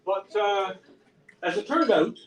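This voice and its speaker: A singer-songwriter and storyteller from Newfoundland speaks slowly and animatedly in a high voice, rambling through a self-mocking story at a pub event with lots of restarts and dry humor. Echo fills the room, the mic sits far away, and faint noise lingers.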